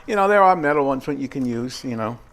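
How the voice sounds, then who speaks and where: A man's voice: mid-range voice, animated, fast, fairly bright tone. An older man demonstrating a recipe in his home kitchen, rambling and chatty with many fillers and asides. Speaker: home cooking host. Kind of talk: casual cooking demonstration.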